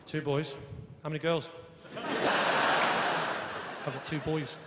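Cheeky high-voiced male stand-up comic. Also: very slow. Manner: cheeky, animated, shouts punchlines and mimics voices. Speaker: stand-up comedian. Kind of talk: stand-up routine with crowd work. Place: large comedy venue on stage. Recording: echoey live venue, audience noise.

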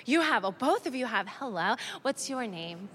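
A woman doing stand-up comedy on stage, talking in an animated, sardonic way and laughing through her punchlines. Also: on the high side, normal speed. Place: comedy stage with live audience.

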